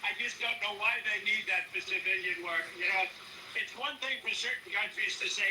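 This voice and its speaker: A man's voice: sits high, fairly quick, sharp tone. A man speaking as a politician at press remarks, boastful and rambling, with frequent restarts. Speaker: politician answering reporters. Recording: clip replayed in a roomy space from far off with noise.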